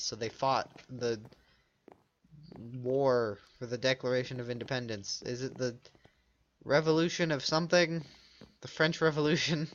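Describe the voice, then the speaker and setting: A man's voice: on the high side, fairly bright tone, lo-fi sound. A man from the United States giving casual, rambling gameplay commentary, full of fillers and self-corrections. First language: English.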